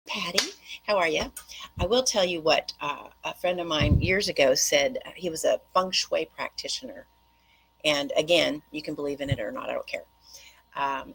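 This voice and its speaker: A middle-aged woman talks straight to her viewers in a loose, rambling monologue, full of quick tangents. Her voice sits low and has a gravelly edge. It has a husky, slightly rough grain. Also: a bit bright, low-quality recording. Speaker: host.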